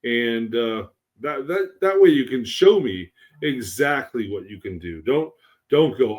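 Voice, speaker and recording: A man's voice: medium pitch, expressive, a little slow. Laid-back man on a podcast. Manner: laid-back, repeats "right?". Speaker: podcast co-host. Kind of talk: casual podcast chat.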